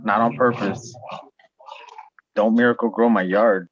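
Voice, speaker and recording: A man's voice: on the low side, steady tone, a little slow, breathy edge, no echo. A man hosting a podcast, joking crudely in profane, rambling banter. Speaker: podcast host. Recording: dull dry sound.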